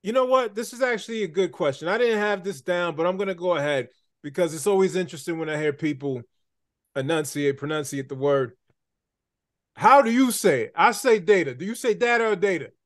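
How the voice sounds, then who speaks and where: A man's voice: high voice, expressive, fairly quick, dry recording, studio quality. A man hosting an interview podcast, upbeat and playful, talking straight to his listeners. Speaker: podcast host. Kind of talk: conversational interview.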